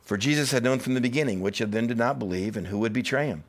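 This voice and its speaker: A pastor preaching a sermon, animated, with loud emphatic peaks and quiet reflective stretches, acting out quoted voices in a casual, conversational way. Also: male voice, medium pitch, fast.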